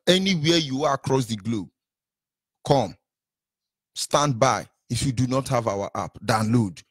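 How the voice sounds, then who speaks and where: A Nigerian man hosts a call-in show, speaking in an impassioned, preachy, rallying way. He has a mid-range pitch, and his voice sounds dry and close. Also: dry recording. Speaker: radio talk show host.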